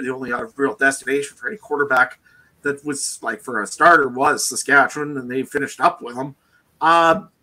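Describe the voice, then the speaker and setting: Pushed, bright, and pitched on the high side, this co-host's voice carries strong takes on players in relaxed sports talk. He keeps softening them with "I mean" and "to be honest."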